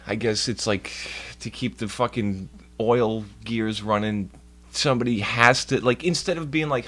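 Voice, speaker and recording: A man's voice: on the low side, unhurried, sharp tone. A man streaming from home, rambling through a profane story in casual chat and putting on voices for the people he quotes. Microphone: laptop mic.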